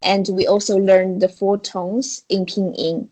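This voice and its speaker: Chinese-accented woman, mid-pitched, slow-paced, patient, teaching beginners over a video call. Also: level tone, warm tone, poor audio. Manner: patient, explains step by step with examples. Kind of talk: online language lesson.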